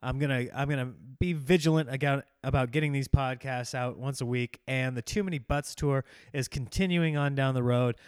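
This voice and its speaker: A man's voice: medium pitch, fairly even intonation, normal speed, few pauses, smooth, dry recording. A man with a cough and a strained voice, hosting a casual solo podcast and rambling through jokey, self-deprecating asides. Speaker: podcast host and touring comedian.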